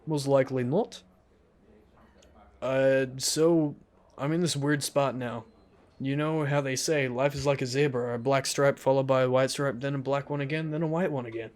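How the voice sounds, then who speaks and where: A man's voice: mid-range voice, fairly even intonation, normal speed, darkish tone. A man hosting a let's play, reading a visual novel aloud and adding joking, self-deprecating asides.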